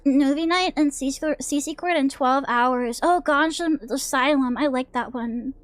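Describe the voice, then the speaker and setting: A woman's voice: sits high, moderate pace, dry recording. A woman VTuber chatting casually while playing a horror game, jumpy and swearing as she jokes with her chat. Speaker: VTuber streamer. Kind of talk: casual livestream game commentary.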